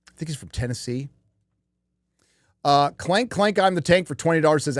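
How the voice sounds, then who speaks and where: A man's voice: a little high, expressive, normal speed, pauses often, no room sound, studio quality. A man hosting a casual live-stream chat, rambling and profane, with lots of fillers and restarts. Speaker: podcast host.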